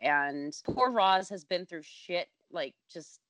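A woman's voice: fairly low pitch, takes it slowly, no room sound. A woman co-hosting a casual podcast chat, ranting with lots of swearing. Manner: animated, profane ranting. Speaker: podcast co-host.

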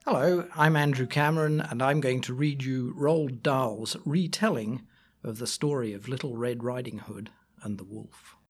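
A man reading a rhyming story aloud, slow and expressive. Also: medium pitch, breathy edge. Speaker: reader.

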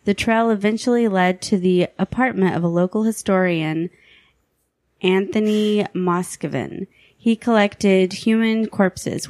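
A woman's voice: lowish voice, dry recording. A woman hosting a podcast, reading list entries between casual chat. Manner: steady reading voice, laughs between items.

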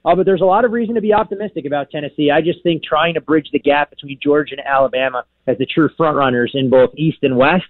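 A man calling in to give measured, analytical sports radio analysis. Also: on the high side, dry recording. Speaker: phone-in sports betting analyst. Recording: tinny phone line.

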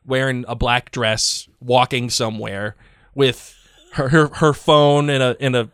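A man's voice: medium pitch, measured pace, clear, resonant tone, no room sound, studio quality. A man co-hosting a podcast, chatting casually, reading listener emails aloud and joking often. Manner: joking, animated, laughs often. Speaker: podcast co-host.

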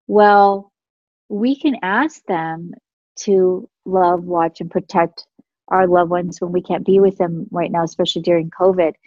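A woman's voice: lowish voice, fairly even intonation, a little slow, a little mellow, no room sound, highs cut off. A middle-aged woman casually sharing stories of her spiritual experiences as a guest, in a chatty, meandering way with fillers and restarts. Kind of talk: casual storytelling chat.

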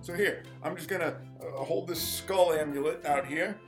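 A crude, scheming old rich father, voiced by a man who rants and gloats in a comedic audio drama. The voice sits high, and music plays clearly behind it. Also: normal speed, a bit bright, rough recording. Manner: vulgar, ranting, gleefully villainous.

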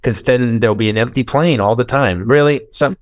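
A man in a casual political chat, animated and profane, getting loud to make a point. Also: medium pitch, fairly quick, dry recording, clean studio sound. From United States.

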